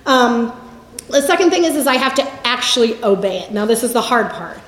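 A woman in her forties with a high voice teaches from the Bible, telling lively stories. Her voice rings in an echoey room. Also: a little fast. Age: 40s. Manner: lively storytelling, acts out quotes with laughs. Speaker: campus ministry speaker.

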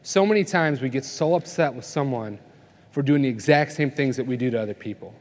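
A man's voice: mid-range voice, brisk, darkish tone. A man giving a conversational sermon at a family conference, telling stories and asking the audience questions. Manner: conversational preaching, tells stories, asks the crowd "right?". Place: conference hall. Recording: long reverb of a conference hall.

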